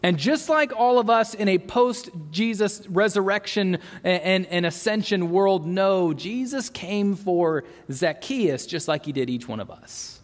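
A man with a high voice delivers an earnest sermon into a microphone, posing rhetorical questions and stumbling over repeated words. His voice rings out with a long hall reverb. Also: expressive, measured pace, few pauses. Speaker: pastor.

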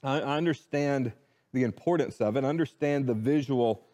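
A man preaching a sermon, animated, repeating words as he restarts his thoughts. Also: mid-range voice, normal speed, dull audio. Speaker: pastor.

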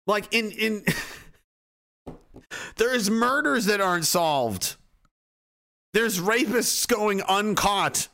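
A man ranting in a profane comedic style, excitable and mocking as he swears his way through the bit. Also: high voice, very slow, pauses often.

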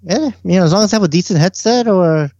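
Male co-host, mid-pitched, easygoing and rambling, muffled dry call sound. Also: fast talker, dry recording. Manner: relaxed, rambling with fillers. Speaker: podcast co-host. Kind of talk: casual chat.

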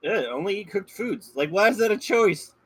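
A man's voice: sits high, lively intonation, moderate pace, fairly bright tone, breathy edge, dry recording, low-quality recording. A man guesting on a podcast, chatting casually with short replies and easy laughter.

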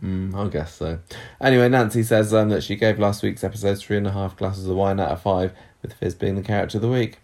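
A man with a very low, deep voice talks on a casual podcast. He chats loosely and reads listener messages aloud, slipping in quick asides. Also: steady tone, darkish tone. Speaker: podcast co-host.

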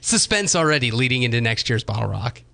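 A man co-hosting a relaxed chat, his voice sitting mid-range with a lot of gravel and fry in it. He tells stories with a dry, wry humor, pausing and restarting as he goes. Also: mid-range voice. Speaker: co-host. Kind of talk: casual chat.

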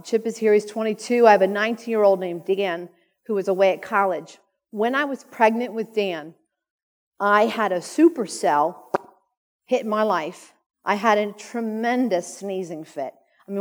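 Earnest woman testifying in an echoey hall. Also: mid-range voice. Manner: earnest, emotional storytelling. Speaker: conference speaker. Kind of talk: personal testimony talk. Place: conference hall.

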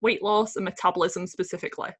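A woman hosting a podcast, reading a scripted intro in a clear, friendly, measured way before welcoming her guest. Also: on the low side, steady tone. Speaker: podcast host.

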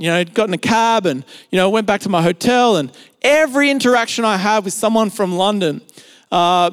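A man's voice: high-pitched, smooth, long reverb tail. A man with an Australian accent preaching a sermon in a conversational, storytelling way, full of filler words. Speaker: pastor. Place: church service, streamed.

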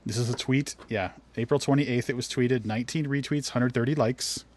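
A man's voice: mid-range voice, steady tone, normal speed, darkish tone. A man hosting a casual podcast quiz, teasing his co-host, giving hints and reading tweets aloud.

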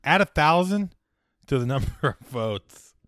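A man co-hosting a comedy podcast, chatting casually and dropping deadpan, wry one-liners. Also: on the high side, unhurried, dry recording, clean studio sound. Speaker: podcast co-host.

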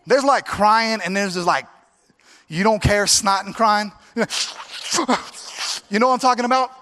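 A man's voice: high voice, measured pace, sharp tone. A man preaching a sermon as pastor at a church service, driving his points home with emphatic, repeated exhortations.

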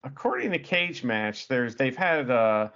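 A man's voice: mid-range voice, lively intonation, unhurried, fairly bright tone, dull audio. A man co-hosting a casual podcast chat, rambling and playful, often stopping to ask questions. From United States. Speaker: podcast co-host.

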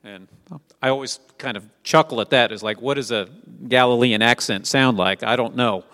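A man's voice: mid-range voice, normal speed, a bit bright, big-room sound. A man preaching a sermon, reading scripture aloud and asking his listeners rhetorical questions in a conversational way. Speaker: Messianic teacher.

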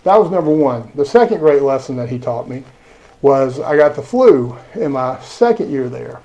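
A middle-aged man, a school superintendent telling lively stories in a podcast interview. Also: mid-range voice, moderate pace, highs cut off. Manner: animated storyteller, acts out quoted dialogue.

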